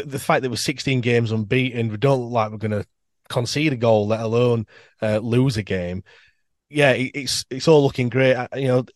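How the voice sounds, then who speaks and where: A man's voice: mid-range voice, darkish tone. A man, a football fan podcaster, chatting casually and upbeat as a guest, talking in long rambling runs. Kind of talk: casual interview chat.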